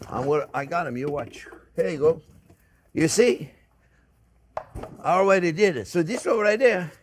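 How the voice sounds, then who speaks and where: Chatty older French chef, slightly high voice. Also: male voice, a little hiss or hum. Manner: chatty, repeats himself, addresses viewers as friends. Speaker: cooking show host. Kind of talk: casual cooking demonstration. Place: kitchen.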